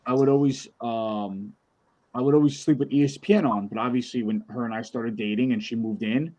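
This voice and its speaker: A man's voice: medium pitch, fairly even intonation, fairly quick, warm tone. A man on a podcast spins a personal story in loose, casual chat. He acts out every voice in it and swears freely, in an ordinary mid-range voice. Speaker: podcast co-host.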